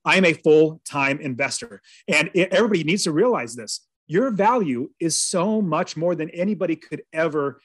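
Brief: male podcast guest, earnest storyteller, slightly high voice, dry close sound. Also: expressive, normal speed, few pauses, fairly bright tone, no room sound. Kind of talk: personal storytelling in an interview.

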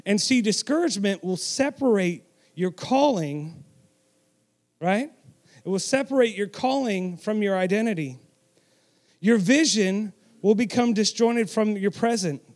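Man, high voice, sermon, emphatic delivery, call-and-response, church. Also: animated, measured pace, darkish tone. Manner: emphatic, with audience call-and-response and self-deprecating asides. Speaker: preacher.

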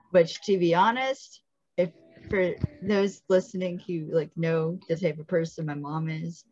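A woman's voice: on the low side, steady tone, takes it slowly, pauses often, a little mellow, lo-fi sound, slight background noise. A woman hosting a podcast, recapping a TV episode in casual chat and stopping to explain details with asides. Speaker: podcast host.

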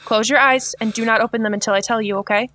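A woman playing a young elf guard who talks gently and soothingly to a frightened child. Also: mid-range voice, little pitch movement, slow pace, no room sound. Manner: gentle and soothing, pressing urgently.

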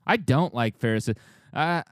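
A man's voice: medium pitch, expressive, moderate pace, dry recording, studio quality. Rambling man in casual podcast banter. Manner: rambling, swearing, easily amused. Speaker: podcast co-host.

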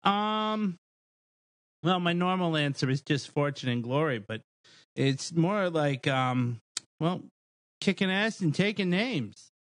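A man's voice: a little high, animated, takes it slowly, dry recording, clean studio sound. A man playing a tabletop game and speaking in character with hammy bravado. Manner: boastful, hammy. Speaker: player.

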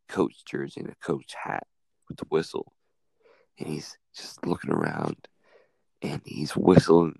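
A man telling stories in a relaxed, rambling way as a podcast host. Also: very deep voice, vocal fry, husky, dry recording. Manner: rambling storytelling. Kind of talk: casual chat.

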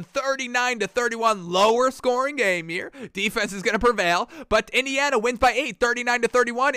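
A man hosting a sports show, chatting excitedly about free agency and betting picks, with lots of fillers. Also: very high voice, smooth, no echo, studio quality. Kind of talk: casual sports betting talk.

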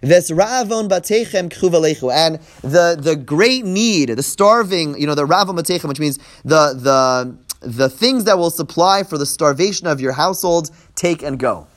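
A man's voice: on the high side, animated, moderate pace. A middle-aged man teaching a class, reading Hebrew verses aloud, translating them and explaining as he goes, often repeating words as he thinks. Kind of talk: classroom Torah lesson.

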